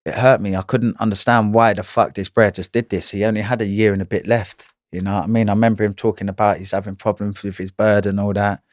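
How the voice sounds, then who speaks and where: Low-voiced man telling prison stories. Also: level tone, fast talker, hardly any pauses, darkish tone, dry recording, clean studio sound. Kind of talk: casual interview chat.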